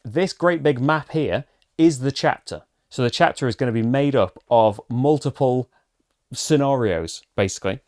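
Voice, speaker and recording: A man's voice: medium pitch, moderate pace, a little mellow, no room sound, studio quality. Casual man talking through a board game. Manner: casual, rambling, many fillers and restarts. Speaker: board game channel host. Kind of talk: solo board game playthrough with read-aloud story.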